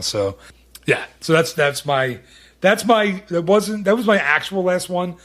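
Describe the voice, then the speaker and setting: A man with a somewhat high voice chats casually as a podcast host. He talks loosely and keeps restarting his sentences. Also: moderate pace, fairly bright tone. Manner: chatty, restarts sentences often. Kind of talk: casual chat.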